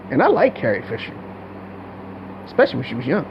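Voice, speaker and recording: A man's voice: mid-range voice, wildly swooping pitch, fast, pauses often, muffled recording, a little hiss or hum. A man giving a blunt, profane, rambling commentary rant with many restarts. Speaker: video commentator.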